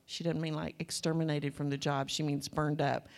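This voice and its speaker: A woman's voice: low-pitched, flat delivery, normal speed, a little mellow. Southern woman teaching a folksy sermon. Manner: conversational, anecdotal, folksy asides. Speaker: Bible teacher.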